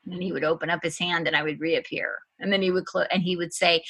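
A woman's voice: lowish voice, fairly even intonation, fast talker, bright, forceful tone, slightly rough. A woman giving an emotional faith testimony as a guest, earnest and fervent, repeating her phrases for emphasis.

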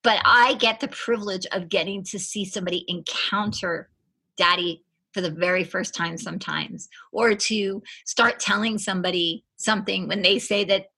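A woman's voice: medium pitch, bright, forceful tone, slightly rough. A woman giving an emotional faith testimony as a guest, earnest and fervent, repeating her phrases for emphasis.

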